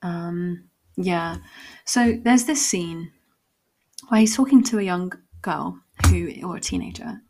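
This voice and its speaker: A woman's voice: lowish voice, slow pace, darkish tone, a little hiss or hum. A woman hosting a solo podcast, talking in a reflective, meandering way with many fillers and restarts. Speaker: podcast host. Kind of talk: casual solo podcast ramble.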